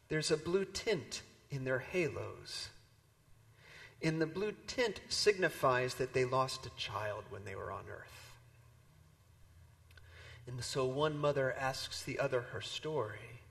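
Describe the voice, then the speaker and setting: A man delivers a sermon as a storyteller, his voice at an ordinary middle pitch. He pushes some lines out loudly and lets others fall to a near-whisper. A long reverb hangs on his words, as if from a large church. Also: very animated, unhurried, creaky. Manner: storytelling, swings from loud emphasis to hushed near-whispers. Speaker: preacher.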